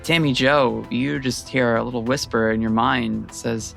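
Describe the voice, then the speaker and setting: A man running a tabletop game who describes each scene at length, with plenty of fillers along the way. His voice has a gravelly, creaky texture at a middling pitch. Faint music plays underneath. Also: fairly even intonation, moderate pace, hardly any pauses, fairly bright tone. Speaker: game master.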